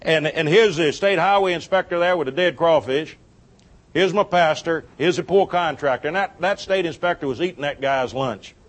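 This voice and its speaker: A man telling a folksy church story in a sermon-style talk, animated and chuckling as he goes. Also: fairly high pitch, moderate pace. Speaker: church speaker on giving.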